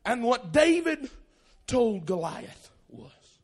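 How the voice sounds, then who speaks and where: A preacher with a strikingly high, lively voice that climbs and falls through each line. He is gravelly and often breaks into shouting. Faint music plays under his live sermon in church. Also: moderate pace. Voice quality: gravelly, loud, swings from low asides to shouting.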